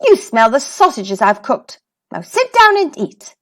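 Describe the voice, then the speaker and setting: A woman's voice: sits high, big pitch swings, unhurried, a bit bright, full character voice. A woman voicing a stern but kindly giant's wife in a children's storybook reading, scolding and matter-of-fact.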